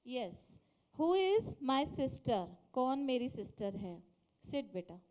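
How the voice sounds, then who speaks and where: A woman's voice: high voice, sing-song, quick pace, a little mellow. A woman teacher with an Indian accent, quizzing a classroom in English mixed with Hindi and encouraging her students.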